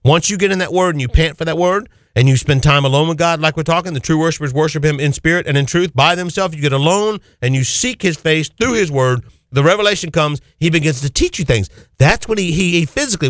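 Male radio preacher host, fervent, exclamatory, fairly high voice, dry close sound. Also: fast, hardly any pauses, a bit bright, no echo. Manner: fervent, exclamatory, rhetorical questions.

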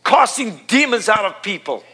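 A man's voice: sits high, big pitch swings, moderate pace, bright, forceful tone, husky. A middle-aged man preaching a sermon, impassioned and repetitive, building to emphatic peaks.

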